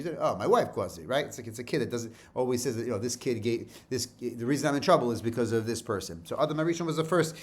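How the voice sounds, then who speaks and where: A man giving a casual Torah lesson. He reads Hebrew verses and explains each one in plain, informal English, often repeating himself. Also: mid-range voice. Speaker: teacher.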